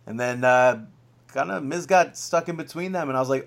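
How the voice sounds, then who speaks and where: A man at mid pitch co-hosting a relaxed podcast chat. He laughs often and throws himself into acted-out quotes. The delivery stays conversational and easygoing. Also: fairly quick, vocal fry. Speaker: podcast co-host. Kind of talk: casual chat.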